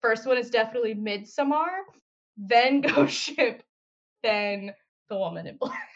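A woman's voice: a little high, animated, a little slow. A young woman on a casual podcast who chats at length, laughs often and fills her talk with "like". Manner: chatty, laughs often, says "like" a lot. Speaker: podcast co-host. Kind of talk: casual group chat. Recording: muffled lo-fi sound.

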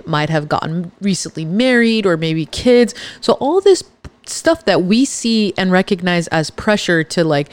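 A woman's voice: on the low side, smooth, no echo. Chatty woman giving a pep talk. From Los Angeles, California. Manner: chatty and emphatic, with laughs and restarts. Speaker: podcast host. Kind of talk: casual monologue pep talk.

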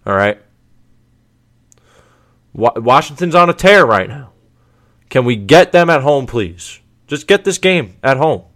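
A man's voice: medium pitch, unhurried, pauses often. A man giving a casual, emphatic sports commentary monologue as a show host, full of rhetorical questions and repetition. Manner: animated, emphatic, repeats himself, rhetorical questions.

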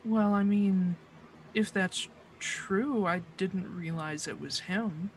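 A game master voicing a wary young woman under questioning, answering in halting, hesitant bursts. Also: medium pitch, a little hiss or hum. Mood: guarded. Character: wary young half-orc-related woman, guarded clerk.

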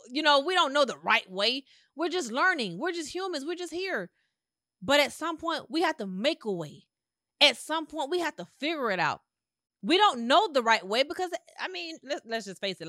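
A woman's voice: high-pitched, bright, forceful tone, no room sound, clean studio sound. A woman hosting a podcast, giving an emphatic motivational monologue in a conversational, repetitive way. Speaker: podcast host.

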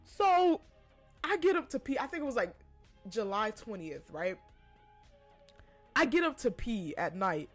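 A woman's voice: on the high side, big pitch swings, measured pace, long pauses, faint music behind. A woman hosting a podcast, telling a personal story in a casual, profane way and laughing between lines. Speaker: podcast host.

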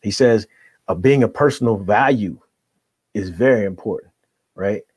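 A middle-aged man and life coach, talking in an energetic motivational style and tagging his points with "right?". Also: on the low side, normal speed, slightly rough, dry recording. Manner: energetic, tags nearly every point with "right?". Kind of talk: motivational conversation.

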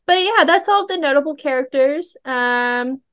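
Young female podcast co-host, high-ish voice, lively casual chat with frequent laughs. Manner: animated, quotes characters in quick asides, laughs often. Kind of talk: casual book-discussion chat.

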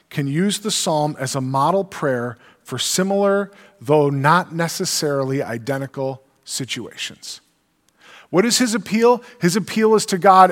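A man preaching a sermon, reading scripture aloud and teaching in an earnest, emphatic way. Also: high voice. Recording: long reverb of a large hall.

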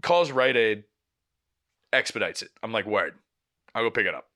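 Bright-voiced man telling a story. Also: on the low side, moderate pace. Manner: animated, swears freely, acts out dialogue. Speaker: podcast host. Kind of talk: casual storytelling.

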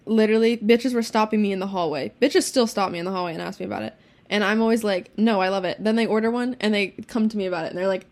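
A teenage girl chatting casually as a podcast co-host, telling stories quickly with lots of swearing and laughter. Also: medium pitch, a little mellow. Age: teens. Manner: fast, profane storytelling with laughs. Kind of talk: casual chat.

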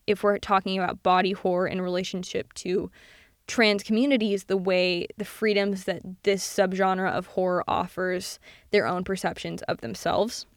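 Chatty young woman with a smooth voice. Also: medium pitch, no room sound, clean studio sound. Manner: chatty, animated, swears casually, many fillers. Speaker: podcast host. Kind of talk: casual solo commentary.

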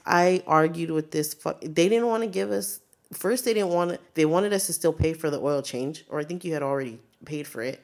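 Low-voiced profane young woman co-host. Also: fairly quick. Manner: profane, animated storyteller acting out quotes. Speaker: podcast co-host. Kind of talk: casual chat.

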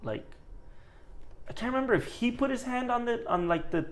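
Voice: mid-range voice, animated, normal speed. A young adult co-host in casual podcast chat, telling a story in a rambling way full of restarts.

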